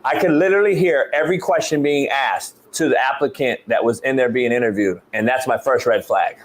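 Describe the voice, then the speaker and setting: A middle-aged man hosting a sports talk show, telling a story in a casual, animated way, swearing often and stumbling over repeated words. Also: medium pitch, fairly quick. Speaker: show host, football coach.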